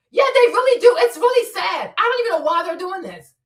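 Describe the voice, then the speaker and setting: A woman's voice: very high-pitched, sing-song, moderate pace, fairly bright tone, recorded from a distance. A woman from Africa hosting a livestream, talking bluntly with swearing and laughter while she answers her chat. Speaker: streamer. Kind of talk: livestream commentary.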